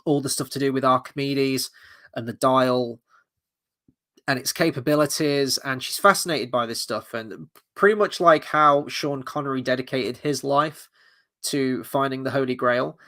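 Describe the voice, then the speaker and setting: A man's voice: medium pitch, a bit bright. A man hosting a film review, ranting casually and bluntly, profane and rambling with many restarts, tired late at night.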